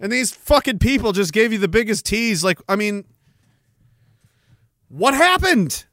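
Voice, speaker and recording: A man hosting a podcast with a high, bright voice, ranting in a sardonic, profane way and laughing at his own jokes. The sound is dry and close. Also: sing-song, a little slow, no echo. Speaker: podcast host. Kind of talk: casual ranting commentary.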